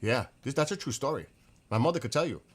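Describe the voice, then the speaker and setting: A man's voice: mid-range voice, quick pace. Middle-aged man, casual rambling storyteller, salty language, mid-range voice, loose delivery. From northeastern US. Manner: rambling, profane, animated retelling. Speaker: vlogger telling stories.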